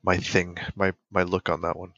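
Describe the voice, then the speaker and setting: A man's voice: deep voice, level tone, normal speed, vocal fry, a bit bright, dry recording, lo-fi sound. A man chatting on a gaming podcast as a guest, making brief, laid-back remarks. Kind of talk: casual chat.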